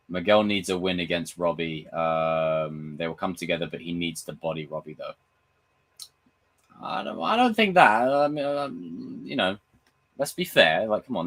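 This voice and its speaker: A young man chatting casually on his live stream, reading viewer comments, swearing freely and acting out film scenes with loud impressions. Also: low-pitched. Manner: animated, swearing, reads and answers chat comments. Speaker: livestream host.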